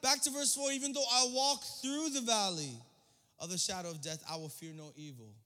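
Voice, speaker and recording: A young man preaching a sermon as pastor, speaking in casual slang and repeating phrases, swinging between hushed and shouted delivery. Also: high voice, fairly even intonation, brisk. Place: church hall. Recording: long hall reverb.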